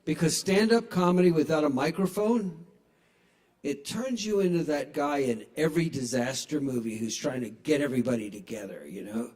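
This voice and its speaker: High-voiced comedian at an open mic. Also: male voice, expressive, moderate pace, a little mellow. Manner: playful, self-mocking, chatty with the crowd. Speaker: stand-up comedian. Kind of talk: stand-up comedy set. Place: small bar at a live open mic. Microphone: handheld stage microphone.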